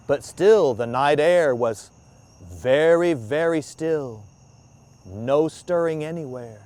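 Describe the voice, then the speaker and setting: A man telling ghost stories with dramatic, at times hushed delivery. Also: on the high side, a little slow, dry recording. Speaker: storyteller. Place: outdoor graveyard.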